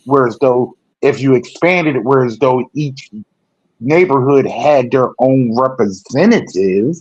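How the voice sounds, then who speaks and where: Slow-talking man in a dull lo-fi recording. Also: mid-range voice, slightly rough, dry recording. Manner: rambling, self-correcting, animated when making a point. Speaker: political talk show co-host. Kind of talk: casual political discussion. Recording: dull lo-fi sound.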